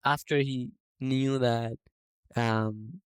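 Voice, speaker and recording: A man who owns a business, telling a story in a lively, casual way on a podcast. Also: medium pitch, very slow, clear, resonant tone, no room sound, poor audio. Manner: animated anecdote telling. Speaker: business owner.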